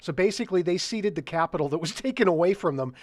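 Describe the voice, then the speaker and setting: A man's voice: high voice, animated, quick pace, dry recording. A man hosting a casual market chat, reading out listener questions and speaking bluntly with the odd swear.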